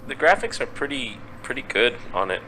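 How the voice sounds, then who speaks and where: A man's voice: medium pitch, sing-song, brisk, pushed and bright, a little hiss or hum, poor audio. A man chatting over a headset call, complaining in an exasperated way and swearing. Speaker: guest on stream. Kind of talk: casual voice chat.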